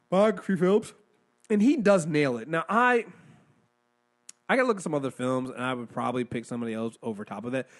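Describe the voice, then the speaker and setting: A man co-hosting a casual movie review chat, excitable, swearing freely and restarting sentences. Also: medium pitch. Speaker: podcast co-host reviewing films.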